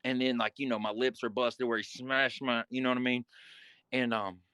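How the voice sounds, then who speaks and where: A man's voice: mid-range voice, level tone, moderate pace, bright, forceful tone, clean tone, no room sound. A man telling a guest story in casual, vivid, profane talk and acting scenes out.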